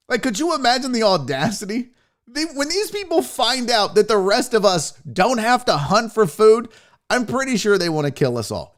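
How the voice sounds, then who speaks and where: Broadcasting his sports podcast from home through a podcast mixer, a man with a high voice talks at a normal speed. He rambles, curses, and stays animated in casual live-stream chat with his audience, slipping into silly voices.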